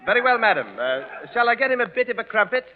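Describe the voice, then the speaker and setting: A man's voice: extremely high pitch, very animated, fast talker, narrow, tinny audio. A man playing a stiff, overly polite male butler in a 1930s radio comedy sketch. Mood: prim. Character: stuffy, formal male butler. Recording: scratchy, noisy 1930s radio broadcast.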